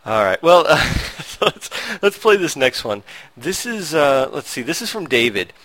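A man's voice: a little high, big pitch swings, normal speed, a bit bright, no room sound. A man hosting a podcast, chatting casually with frequent chuckles and hesitant fillers. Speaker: podcast host. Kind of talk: casual chat.

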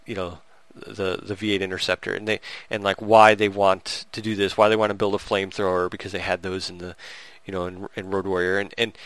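A man in a lowish voice, recorded without echo, co-hosts a podcast and recounts a movie for review. His storytelling is casual and rambling, animated, with lots of restarts and laughing.

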